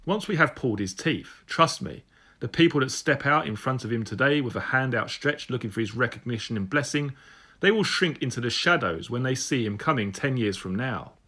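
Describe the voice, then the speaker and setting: A man voicing a senior police superintendent who speaks in a measured, menacing way. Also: medium pitch, animated, sharp tone, slightly rough. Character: scheming senior male police superintendent, cold, confident.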